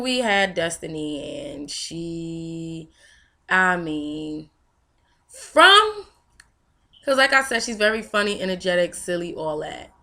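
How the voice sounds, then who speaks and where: A woman's voice: fairly low pitch, sharp tone. A young woman vlogger telling a personal story candidly and emotionally, with frequent fillers. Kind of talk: personal testimony vlog.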